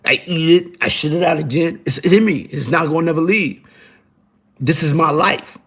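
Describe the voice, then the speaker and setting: A man's voice: on the high side, moderate pace, vocal fry, a bit bright, slightly rough. A middle-aged man talking casually on a live stream, rambling and repeating himself in profane street slang. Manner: rambling, repetitive, streetwise slang, frequent "you heard?"; profane and emphatic. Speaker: guest on a live show.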